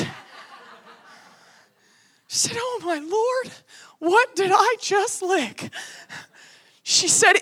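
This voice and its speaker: A young woman from the United States telling a story in a sermon in an animated way, acting out the quotes. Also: extremely high pitch. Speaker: preacher.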